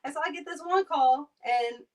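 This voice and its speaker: Brief: lively young caregiver woman telling stories, a touch high, mic a bit far off. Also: moderate pace. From Maryland. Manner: animated, acts out voices in her stories. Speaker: caregiver and interview guest. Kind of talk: casual storytelling interview.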